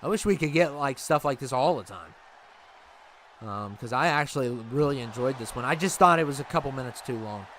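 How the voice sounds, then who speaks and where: A man's voice: medium pitch, expressive, a little fast, a bit bright, a little hiss or hum. A man hosting a livestream, chatting casually and rambling with his viewers, laughing easily. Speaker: livestream host.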